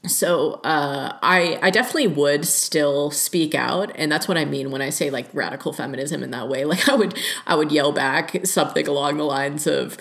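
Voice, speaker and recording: Low-voiced candid young woman podcaster. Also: moderate pace, vocal fry, few pauses, a bit bright. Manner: candid, swears freely, laughs often. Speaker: podcast host. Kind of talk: casual solo podcast talk. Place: lives in rural Oregon.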